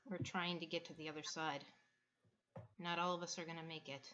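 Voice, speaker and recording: A woman puts on a worn-out female crew leader in a tabletop game. She speaks in a hushed, resigned hush. Her tone is bright, her voice lightly low, and the recording sounds muffled. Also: fairly even intonation, a little fast. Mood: weary. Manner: soft, low and tired.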